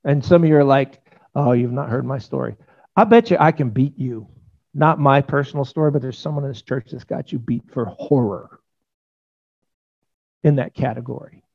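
A man's voice: medium pitch, moderate pace, muffled recording. A man preaching a sermon in a church, earnest and conversational, acting out quotes from his listeners and stories. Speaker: pastor. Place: church sanctuary.

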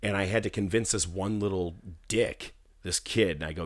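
A man telling a story in casual chat, animated and profane, acting out what people said. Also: deep voice, brisk. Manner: animated, profane, acts out quotes. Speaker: guest musician telling a story.

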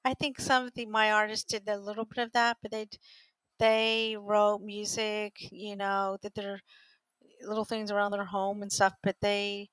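Bright-voiced woman talk show host. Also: mid-range voice, little pitch movement, moderate pace, smooth, no room sound. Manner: chatty, encouraging, lots of fillers. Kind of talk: casual interview.

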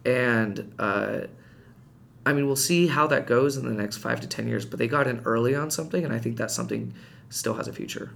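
A man telling a personal story in casual podcast chat, animated and rising in pitch when reliving heated moments. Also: fairly quick, vocal fry, a little hiss or hum. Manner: frequent restarts and fillers, conversational. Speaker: podcast guest.

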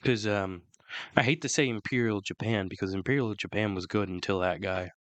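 A man co-hosting a podcast in casual, opinionated chat, rambling with many restarts, his throat still rough from flu. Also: on the low side, a little fast, no room sound. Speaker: podcast co-host.

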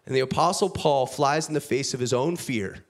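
A man preaching a sermon, reading scripture aloud, with big swings between loud, lifted passages and quiet, low asides. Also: normal speed. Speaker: pastor.

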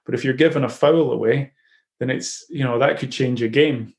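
A man's voice: mid-range voice, steady tone. Man hosting a chat. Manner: reflective, halting with frequent restarts. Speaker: podcast host and football coach. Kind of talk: casual interview.

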